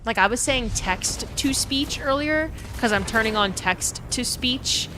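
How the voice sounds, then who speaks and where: A woman's voice: fairly high pitch, animated, a little slow, noisy background. A woman from New Orleans streaming a game, chatting casually with viewers, reading chat aloud and swearing freely into a desk mic. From New Orleans, USA.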